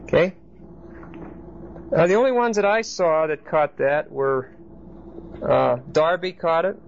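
A man's voice: on the high side, measured pace, gravelly. A man teaching a Bible study class, explaining each point and often checking in with his listeners. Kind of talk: Bible study lecture to a group. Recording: dull lo-fi recording with faint background hiss.

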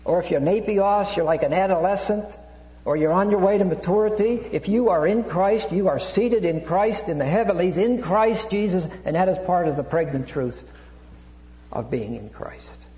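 In an echoey, humming hall, a man teaches through an expository Bible sermon, restarting often and digressing with asides and Greek terms. His voice is high-pitched and warm, and he speaks at a normal pace.

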